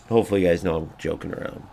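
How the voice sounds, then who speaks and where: A man's voice: sits low, gravelly. A man streaming a football video game, commenting live, swearing freely and talking to his viewers. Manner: excitable, swears freely, talks to chat. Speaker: gaming streamer.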